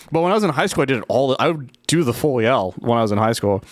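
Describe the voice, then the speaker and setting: A man's voice: mid-range voice, expressive, very fast. A man in his thirties co-hosting a casual podcast chat, telling long rambling stories that restart and trail off. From Mexican-American. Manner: rambling, self-interrupting storytelling. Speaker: podcast co-host.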